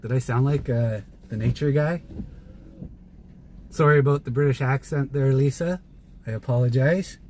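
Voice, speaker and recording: A Canadian man hosts a livestream, chatting casually from his car as he drives, with faint car noise in the background. His mid-range voice is mellow and moderately paced, broken by long pauses. He's chatty, laughs often, and thanks viewers by name.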